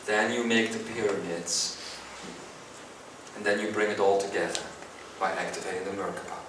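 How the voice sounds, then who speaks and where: A man giving a live spiritual seminar talk, earnest and slow, with long pauses between phrases. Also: lowish voice, steady tone, noisy background. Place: seminar hall. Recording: echoey hall recorded from far off.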